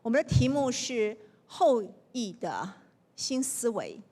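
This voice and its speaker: A woman's voice: on the high side, big pitch swings, slow, mellow. A woman professor giving spoken feedback to student contestants in a light, joking way. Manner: casual and joking with the audience. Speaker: professor, competition judge.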